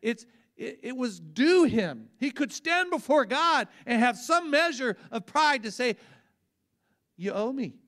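A man in his fifties, a pastor preaching in a relaxed, conversational way with personal stories and repeated words. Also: very high-pitched, measured pace. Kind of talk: conversational sermon teaching.

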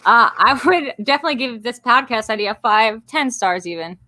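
A woman's voice: a little high, expressive, bright, forceful tone. A woman hosting a show over a video call, chatting in a playful, teasing way. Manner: playful, teasing, quick to laugh. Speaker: show host. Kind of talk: casual chat.

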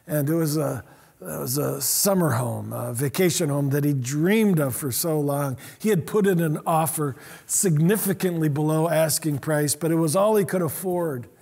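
A middle-aged man preaches a sermon with a high, husky voice. He talks with animation and slips into voices for the quotes he reads. His delivery swings between earnest urging and quieter asides. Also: moderate pace. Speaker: pastor.

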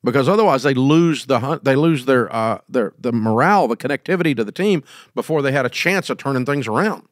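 A man's voice: medium pitch, expressive, brisk, few pauses, dry recording, studio quality. A middle-aged man, hosting and giving business advice in a casual, folksy, emphatic way. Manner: folksy, emphatic, acts out quoted scenes.

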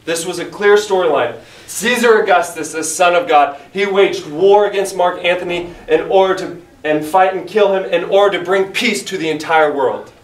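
A man's voice: high-pitched, normal speed, recorded from a distance. A man teaching a church Bible study in an earnest, emphatic way, reading scripture aloud. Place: church room. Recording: echoey room, mic from afar, faint hiss.

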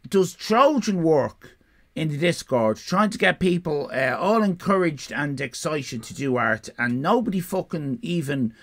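An Irish woman co-hosting a live stream in casual, sweary chat that rambles and bursts into loud laughter. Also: sits low, animated, unhurried. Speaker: stream co-host.

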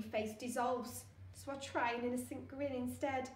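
A woman teacher reading a children's novel aloud with expressive storytelling. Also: a little high, normal speed. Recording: echoey room.

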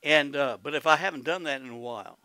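Folksy Oklahoman preacher, bright voice. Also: a little high, fast, clean tone, no room sound. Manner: folksy, exclamatory, peppered with hallelujahs and amens; laughs easily, calls out to congregation. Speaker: pastor. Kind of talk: sermon.

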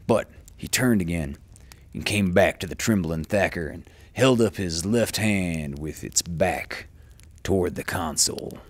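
A man hosting a story show, reading classic short stories aloud in a measured storytelling manner with the odd casual aside. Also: deep voice, no room sound. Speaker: storyteller host.

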